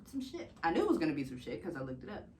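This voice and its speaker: A woman's voice: deep voice, sing-song, very fast, mellow, slight background noise. A young woman from the United States telling her own story in a casual, candid vlog, swearing freely and laughing often. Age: young adult.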